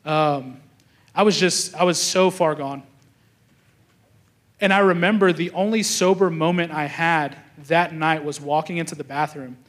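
Man, pastor, young adult, sermon, storytelling, acts out quotes, fairly high voice. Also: unhurried, a bit bright. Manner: storytelling, acts out quoted thoughts, restarts often.

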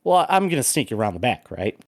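Animated, swearing man telling a story. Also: medium pitch, a little fast, no echo, studio quality. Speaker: podcast host. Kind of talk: casual chat.

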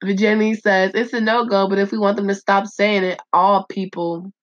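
A woman hosting a casual solo podcast, reading out listener answers in a blunt, profane, animated way and laughing often. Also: medium pitch, moderate pace, no room sound. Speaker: podcast host. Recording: dull lo-fi voice recording.

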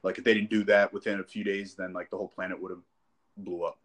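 A man with a somewhat low voice talks loosely on a podcast with friends. He rambles, stumbles and restarts his sentences as he goes. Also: little pitch movement, quick pace. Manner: rambling, restarts, laughs easily. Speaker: podcast co-host. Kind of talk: casual chat.

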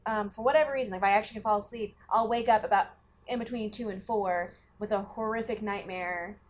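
A woman's voice: mid-range voice, steady tone, fairly quick, slight background noise. A young woman co-hosting a podcast, telling stories in casual chat full of fillers and swearing. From grew up in the country. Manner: rambling, swears freely, many fillers. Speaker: podcast co-host.

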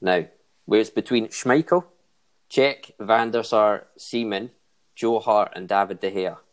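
A podcast host with a lowish voice and a slightly slow delivery chats casually about football, working through joke segments full of puns and laughing at his own wordplay.

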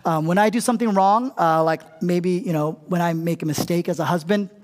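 A man's voice: high voice, a little fast, long reverb tail. A middle-aged man preaching a conversational sermon as a pastor, casual and humorous, often checking in with his listeners. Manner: casual and humorous, often asks the crowd "right?".

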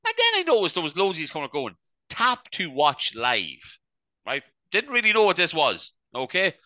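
Animated bright-voiced podcast host. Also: male voice, high-pitched, fast talker, dry recording. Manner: rambling, peppers speech with "right?". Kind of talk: casual comedy podcast chat.

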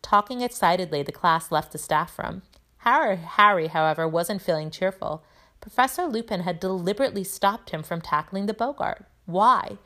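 A woman's voice: lowish voice, normal speed. Woman teacher reading a story aloud. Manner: lively storytelling with character voices. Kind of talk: reading a children's novel aloud.

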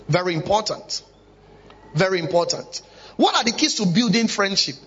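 A man's voice: high-pitched, expressive, moderate pace, fairly bright tone, husky. A man preaching a sermon in church, emphatic and full of rhetorical questions. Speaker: pastor. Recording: dull lo-fi recording.

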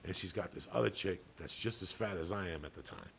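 Gravelly low-voiced man telling a profane story. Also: a little fast, slight background noise. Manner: profane, rambling, animated storytelling. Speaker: podcast co-host. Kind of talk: casual storytelling.

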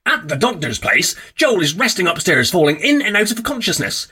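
A man's voice: high-pitched, sing-song, fairly quick, sharp tone, a little hiss or hum. A man narrating an amateur audio drama. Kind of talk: scripted narration.

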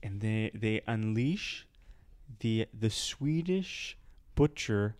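A man's voice: on the low side, expressive, takes it slowly, a little mellow, smooth. A man in a casual chat, playfully telling a made-up story, laughing, with frequent restarts.

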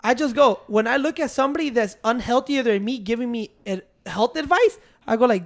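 A man's voice: very high-pitched, fairly quick, gravelly. A man talking bluntly and with plenty of swearing in a casual chat. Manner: blunt, profane.

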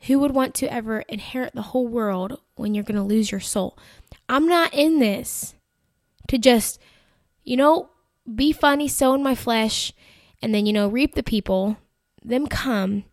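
A woman telling a personal faith story in a chatty, animated way, full of "like" and "you know". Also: a little high, moderate pace, no room sound, studio quality. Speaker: Christian content creator. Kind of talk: casual faith-based storytelling.

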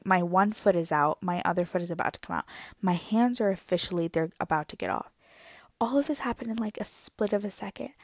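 A woman's voice: medium pitch, no echo. A woman in her twenties telling a story to her viewers in a casual, dramatic, self-mocking way. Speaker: vlogger.

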